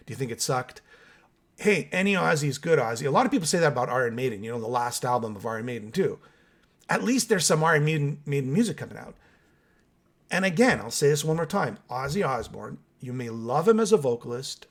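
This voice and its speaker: A man hosting a casual metal music podcast, giving opinionated takes and talking straight to his viewers. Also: medium pitch. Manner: opinionated, chatty, addresses viewers directly. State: still waking up with coffee. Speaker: host of a metal music channel. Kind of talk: casual solo podcast reacting and reading comments.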